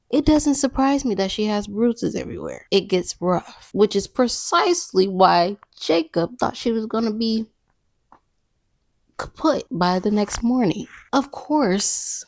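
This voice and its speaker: Chatty, gravelly woman recapping a film. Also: medium pitch, darkish tone, dry recording. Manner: chatty, sassy asides, breaks into character voices. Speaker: podcast host.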